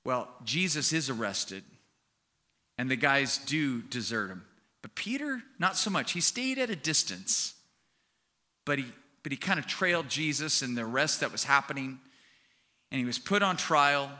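A man's voice: medium pitch, big pitch swings, normal speed, sharp tone. A male pastor giving a conversational sermon, telling a story and acting out quotes.

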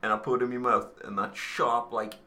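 A man's voice: mid-range voice, level tone, fairly quick, sharp tone, slight background noise. A man co-hosting a podcast in casual chat, laid-back and dropping wry asides. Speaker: podcast co-host.

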